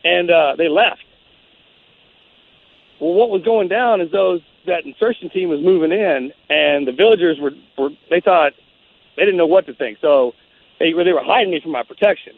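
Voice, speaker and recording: Man, ex-military guest, rambling storyteller, fairly high voice, tinny phone-like sound. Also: normal speed, vocal fry, no room sound. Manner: rambling, frequent restarts and "man", "dude". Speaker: interview guest, former Navy SEAL. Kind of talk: casual storytelling. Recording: phone-like narrow band.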